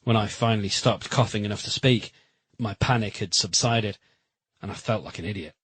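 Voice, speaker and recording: Brief: male audiobook narrator, husky mid-range voice, even measured delivery, dry booth sound. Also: fairly low pitch, no room sound, poor audio. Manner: steady, measured reading. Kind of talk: first-person romance audiobook narration.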